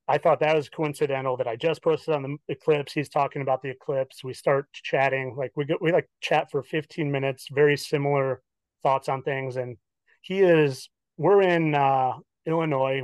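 Young man, podcast guest, casual storytelling, acts out quotes, filler-heavy, middle pitch, dry sound. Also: no room sound. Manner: animated, acts out quoted dialogue, many "like" fillers.

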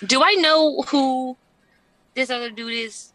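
A woman's voice: sits high, sharp tone, dry recording. A woman playing in a tabletop game, speaking hesitantly with many fillers. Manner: slow, hesitant, lots of ums. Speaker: player. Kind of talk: casual tabletop play.

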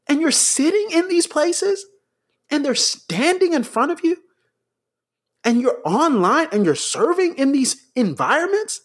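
Impassioned man making an emphatic plea. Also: very high voice. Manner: emphatic, repetitive, rising to a near-shout. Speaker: podcast co-host. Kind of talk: impassioned commentary.

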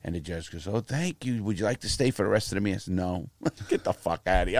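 A low-voiced, middle-aged man from the United States rattles through his life story quickly with few pauses, cursing freely and speaking bluntly while impersonating the people in it. The sound is clean studio audio with no room sound.

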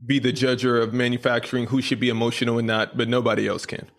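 A man with a mid-pitched, gravelly voice co-hosts a podcast. He presses his point emphatically and swears during the casual debate. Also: little pitch movement, fast, a bit bright. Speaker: podcast co-host.

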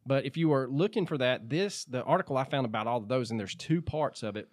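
A man co-hosting a podcast, reading items out in a dry, deadpan manner. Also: medium pitch, fast talker, no room sound. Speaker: podcast co-host.

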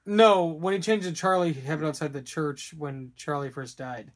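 A male podcast co-host rambles through a movie recap in a casual film discussion, full of laughs and crude jokes. His voice is on the high side and his pace is moderate.

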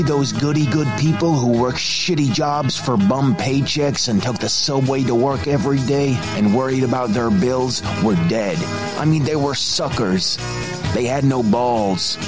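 A man's voice: medium pitch, natural voice. A man doing a swaggering mobster narrator. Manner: swaggering, profane. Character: cocky male mobster narrator, boastful and crude. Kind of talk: parody film narration. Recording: voice over loud music bed. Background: music.

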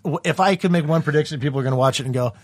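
Casting note: Canadian man guesting on a comedy podcast, swears freely, rambles fast, close dry mic. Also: a little high, dry recording. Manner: profane, laid-back, rambling. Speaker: actor guest. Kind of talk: casual podcast chat.

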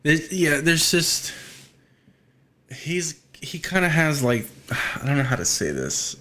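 A man's voice: on the high side, sing-song, takes it slowly, bright, forceful tone. A man talking casually on a podcast over a call, laid-back and slangy, with many fillers.

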